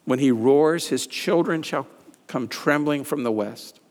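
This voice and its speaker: A man's voice: on the high side, unhurried, a little mellow. A man preaching a sermon, reading scripture aloud with rising emphasis on the pleading lines. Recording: reverberant hall.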